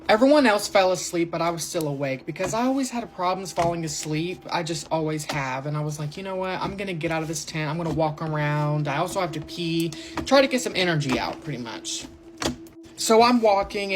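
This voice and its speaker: A young person telling a scary camping story casually, animated and swearing freely. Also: medium pitch, noisy background.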